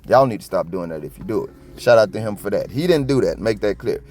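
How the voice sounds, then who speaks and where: A middle-aged man from South Florida giving casual, blunt and profane commentary on a video, talking fast and stumbling over his words. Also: fairly low pitch, animated, a little mellow. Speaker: copwatch commentator.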